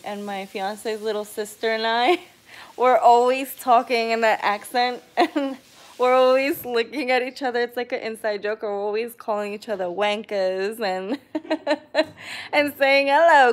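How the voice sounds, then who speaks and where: A woman casually chatting on a live stream, reading viewer comments aloud and often clearing her throat. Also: fairly high pitch. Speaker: vlogger hosting a live stream.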